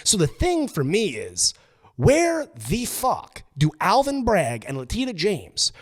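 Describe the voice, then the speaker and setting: A man's voice: sits high, huge pitch swings, takes it slowly. A man hosting a podcast, ranting in a casual, emphatic and profane way. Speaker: podcast host.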